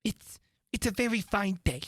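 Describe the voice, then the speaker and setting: A man's voice: high voice, animated, normal speed, slightly rough, no room sound, pitched above the performer's own voice, heavily acted. A man voicing the whispering nervous White Rabbit. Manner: hushed, nervous, half-whispered. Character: timid, anxious White Rabbit.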